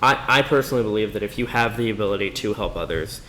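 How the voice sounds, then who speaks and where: A man co-hosting a podcast, speaking calmly and supportively with soft fillers. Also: fairly low pitch, fast, slight background noise. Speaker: podcast co-host. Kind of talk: casual podcast chat.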